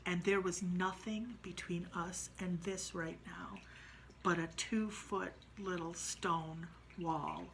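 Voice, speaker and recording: A woman telling a true ghost story, dramatic and moving from hushed to loud. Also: on the low side, fairly even intonation, slow, gravelly, slight background noise, low-quality recording.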